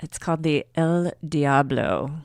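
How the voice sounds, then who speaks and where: An easygoing woman co-host of a casual podcast. Her voice is a little low for a woman, and it sounds dry and close, with no room sound. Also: unhurried, a little mellow, dry recording. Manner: easygoing, laughs along. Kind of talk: casual chat.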